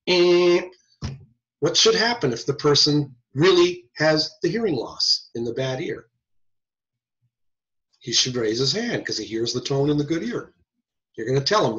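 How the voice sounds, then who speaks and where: A man's voice: fairly high pitch, big pitch swings, unhurried, fairly bright tone. A man lecturing a class on hearing tests, asking his students rhetorical questions. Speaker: audiology lecturer. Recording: muffled lo-fi lecture recording.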